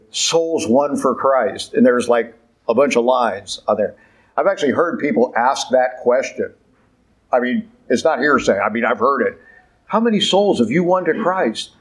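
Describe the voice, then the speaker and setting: A man's voice: mid-range voice, rough recording. A man preaching a conversational sermon, emphatic and full of rhetorical questions.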